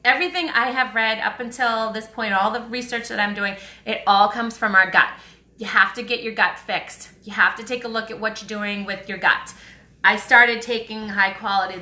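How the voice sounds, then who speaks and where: A woman's voice: medium pitch, pushed and bright. A woman with a Boston accent hosting a chatty, upbeat live stream, answering viewer comments with frequent ums. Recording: roomy echo.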